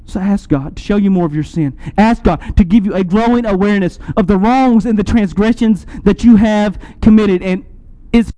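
A man's voice: high voice, moderate pace, mellow, low-quality recording. A man preaching a sermon in an earnest way, rising and dropping sharply for emphasis.

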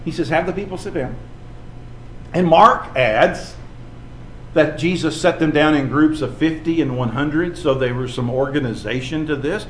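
A man's voice: fairly high pitch, normal speed, roomy sound, a little hiss or hum. A male preacher telling stories in a sermon, acting out the people he quotes. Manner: storytelling, animated, acts out quoted voices.

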